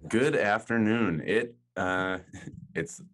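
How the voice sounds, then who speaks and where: A man with a very low, deep voice hosts his podcast from home in casual chat. He rambles and jokes at his own expense, a little tipsy. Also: expressive, moderate pace. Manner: rambling, joking, self-mocking. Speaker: podcast host. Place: home, hot room without air conditioning.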